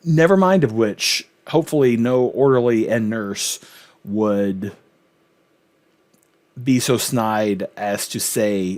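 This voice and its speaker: A man's voice: lowish voice, expressive, takes it slowly, darkish tone. A man hosting a reaction video, chatting casually and enthusiastically about a sitcom episode, with frequent ums and restarts.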